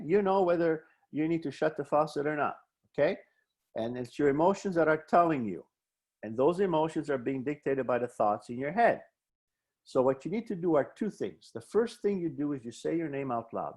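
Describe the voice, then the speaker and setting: A man presenting a wellbeing webinar, animatedly explaining coping strategies, acting out both sides of imagined dialogues and guiding slow breathing exercises. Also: on the high side.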